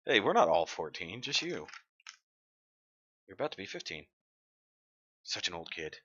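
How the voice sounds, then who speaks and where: Bright-voiced man, chatty stream host. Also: deep voice, big pitch swings, moderate pace, husky, no room sound. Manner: chatty, reads comments aloud, joking. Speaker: livestream host. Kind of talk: casual live-stream chat. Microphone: desk mic. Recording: dry, dull lo-fi sound.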